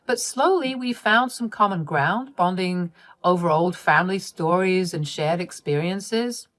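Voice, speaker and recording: A woman narrating a personal family drama in an expressive, wry and exasperated way. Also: fairly low pitch.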